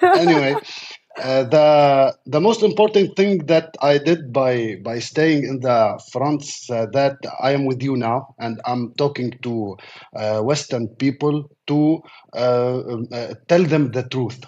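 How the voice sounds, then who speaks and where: A man with a Lebanese accent, a war correspondent speaking English haltingly with many fillers over a remote call. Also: mid-range voice, darkish tone, dull audio. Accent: Lebanese, from Baalbek. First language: Arabic. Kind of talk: remote interview.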